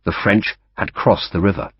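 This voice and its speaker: A man narrating an audiobook in a lively storytelling manner, giving each character a voice. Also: lowish voice, normal speed, breathy edge, no echo. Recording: dull dry audiobook recording.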